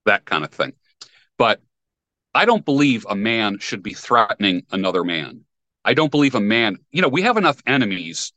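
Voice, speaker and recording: Bright-voiced, firm man as podcast guest. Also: on the low side, no room sound. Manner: firm, opinionated, explains principles. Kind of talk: casual podcast conversation.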